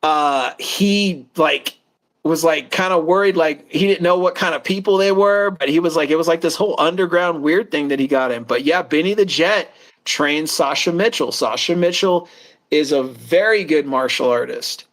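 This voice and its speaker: A man's voice: on the high side, moderate pace, fairly bright tone. A man co-hosting a casual chat show who tells long, rambling stories and acts out the people in them. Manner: rambling storyteller, acts out quoted voices. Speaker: co-host.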